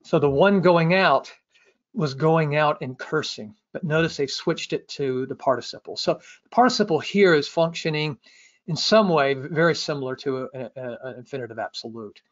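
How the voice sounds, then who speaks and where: A man lectures to a class, fairly high in pitch and patient as he explains. He often repeats words and checks in with the listeners. The audio sounds dull and muffled. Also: moderate pace. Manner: explanatory, repeats himself, many uh and okay. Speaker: Hebrew lecturer.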